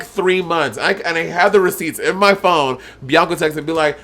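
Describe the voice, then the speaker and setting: A young man co-hosting a podcast, chatting casually and profanely and mimicking others in high voices. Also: fairly quick, few pauses, bright, forceful tone. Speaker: podcast co-host. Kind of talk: casual chat.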